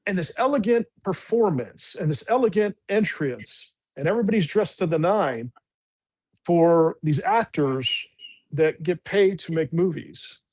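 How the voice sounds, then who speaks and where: A man with a voice pitched a little above most men tells his story in a casual interview. He is a veteran guest who rambles earnestly and circles back with lots of fillers and restarts. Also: expressive, unhurried, a little mellow.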